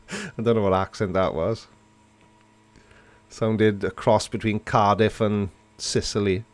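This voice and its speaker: Male stream host, lowish voice, unhurried, teasing and chatty with viewers. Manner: playful, reads and answers chat comments, mock disgust. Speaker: livestream host. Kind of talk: casual live chat with viewers.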